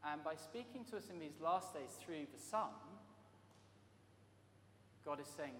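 A man's voice: on the high side, expressive, unhurried, long pauses, fairly bright tone, a little hiss or hum. Emphatic male preacher in an echoey hall. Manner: emphatic, varied delivery with rising and dropping volume. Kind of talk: sermon. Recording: echoey hall with long reverb.

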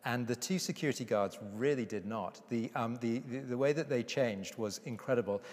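A man preaching a sermon with emphasis, slowing down to read scripture aloud. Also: mid-range voice, a little mellow. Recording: reverberant hall.

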